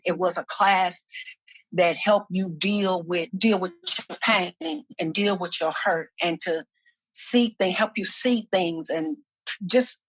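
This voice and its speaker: A woman with a lowish voice tells her story as a podcast guest, slow and earnest, circling back over her words. The sound is dry and close, with no room around it. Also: slightly rough, no room sound. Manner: earnest, slow and reflective, repeats words as she speaks. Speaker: guest, minister and activist. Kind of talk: personal testimony in a podcast interview.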